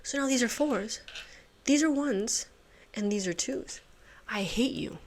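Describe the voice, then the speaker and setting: A woman's voice: mid-range voice, moderate pace. A woman hosting a puzzle channel, talking to herself as she solves, muttering, swearing and laughing at herself.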